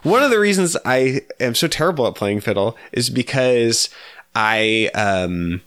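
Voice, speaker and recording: A man's voice: mid-range voice, animated, fairly bright tone, smooth, no room sound. Laid-back man chatting on a podcast. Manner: laid-back, chuckling, halting with fillers. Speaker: podcast co-host. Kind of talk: casual chat.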